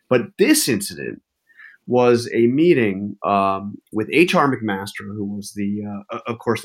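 A man, a journalist guest in an interview, telling stories animatedly with frequent restarts. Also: on the low side. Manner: animated, with many restarts and fillers. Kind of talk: casual interview storytelling.

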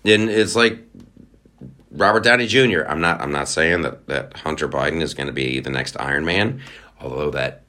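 His pitch is extremely low, and his voice sounds pushed and bright. The man hosts a podcast, ranting about politics with profanity and sarcasm while mocking others in put-on voices.

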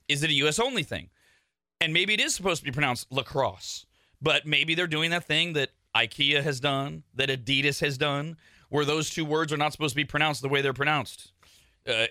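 A man's voice: mid-range voice, no echo, studio quality. Wry, sarcastic radio host man. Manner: wry, sarcastic and rambling, with bursts of shouting. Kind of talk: morning radio banter. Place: radio studio. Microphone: studio microphone.

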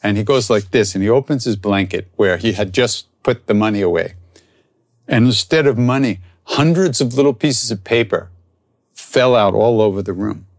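A man, a spiritual teacher, telling a story and then reflecting softly on spiritual practice. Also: on the low side, moderate pace, dry recording, clean studio sound. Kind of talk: storytelling talk.

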